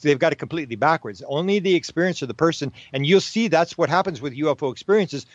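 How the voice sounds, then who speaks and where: A man guest in an interview, talking in a casual, animated way with frequent fillers and restarts. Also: mid-range voice, dry recording, dull audio. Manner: animated, repeats himself, many fillers and restarts. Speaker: podcast guest.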